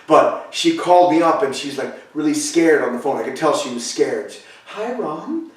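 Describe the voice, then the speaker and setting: Older pastor in an echoey hall. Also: male voice, mid-range voice, normal speed, recorded from a distance. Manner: storytelling, chatty asides and restarts. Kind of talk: conversational sermon. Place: church sanctuary, echoey room. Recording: echoey room, voice from off-mic.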